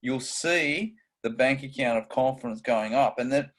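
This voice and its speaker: A man's voice: medium pitch, moderate pace. Chatty man steering a podcast. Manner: energetic, steers topics, chatty asides. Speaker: co-host. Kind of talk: casual podcast chat.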